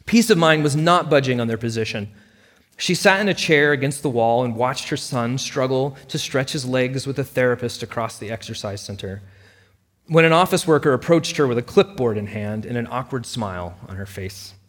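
A man narrating a dramatic story in a lively reading voice. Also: medium pitch, normal speed, in a large hall.

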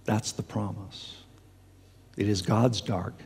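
A man's voice: fairly low pitch, steady tone, takes it slowly, creaky, a little mellow, slightly rough. A man preaching a sermon as pastor, earnest, with fillers and restarts, speaking in a church sanctuary. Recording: long hall reverb.

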